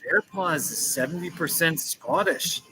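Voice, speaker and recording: A livestream host chats casually from a corner of a coffee shop, reading viewer comments, playfully repeating himself and chuckling. He speaks at a measured pace in a slightly high, pushed, bright voice, over soft background music in poor audio.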